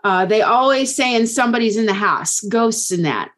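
Woman voicing a jailed young man, Pittsburgh accent, halting ghost story. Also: on the high side, fairly bright tone, natural voice. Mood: spooked. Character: troubled young man in jail telling of ghosts.

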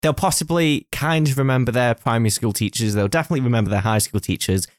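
A man's voice: mid-range voice, quick pace, no echo, studio quality. A man chatting casually, teasing and telling a long story about his office work. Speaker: office worker. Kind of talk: casual chat.

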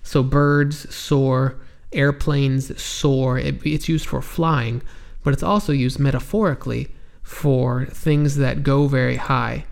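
A man's voice: mid-range voice, fairly even intonation, slow, gravelly. A man teaching English vocabulary, explaining words patiently and spelling them out, with many ums and restarts. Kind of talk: slow explanatory vocabulary lesson.

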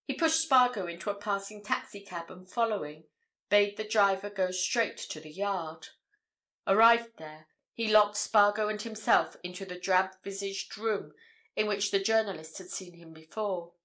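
A woman narrating an audiobook in a measured, steady reading voice. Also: mid-range voice.

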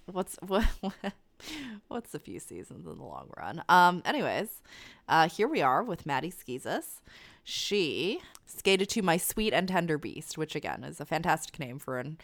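A woman's voice: low-pitched, very animated, a little slow, creaky, fairly bright tone. A woman co-hosting a casual chat show, bubbly and laughing often as she talks. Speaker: podcast co-host. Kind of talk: casual chat about figure skating.

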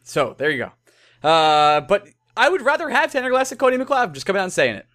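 A man co-hosting a casual sports podcast, jokey and animated, tripping over names now and then. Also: high-pitched, fast. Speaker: podcast co-host.

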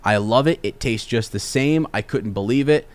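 A man's voice: mid-range voice, normal speed, no echo. Young man telling a rambling story. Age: young adult. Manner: rambling, animated storyteller with many restarts. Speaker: podcast host. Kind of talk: casual podcast storytelling.

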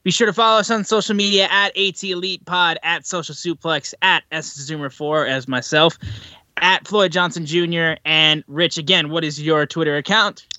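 A man hosting a casual podcast, relaxed, running through the sign-off and plugs. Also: a little high, moderate pace, no room sound. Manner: relaxed, reads plugs, swears when he stumbles. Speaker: podcast host.

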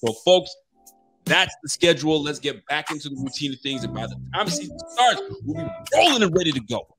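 A man's voice: fairly high pitch, lively intonation, a little fast, music in the background. A man co-hosting a sports podcast, chatting and telling stories in a laid-back way. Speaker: podcast co-host. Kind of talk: casual storytelling chat.

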